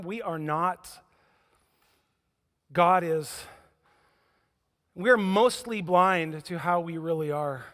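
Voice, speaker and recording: Pastor guy preaching, funny and animated, acts out the stories, pretty high voice, long echo. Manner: lively, humorous storytelling, acting out scenes. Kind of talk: sermon. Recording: echoey church hall.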